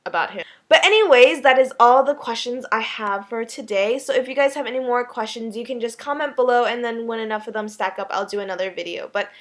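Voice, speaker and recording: A woman's voice: fairly high pitch, fairly quick, hardly any pauses, a bit bright. A young American woman from Texas answering viewer questions in a casual, chatty vlog, with frequent ums and little laughs. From Texas, USA.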